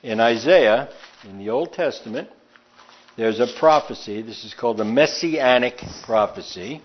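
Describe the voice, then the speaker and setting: A man's voice: medium pitch, lively intonation, normal speed. Emphatic man teaching from the Bible. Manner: emphatic, reads scripture aloud and comments on it. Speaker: preacher. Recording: slightly dull lo-fi recording.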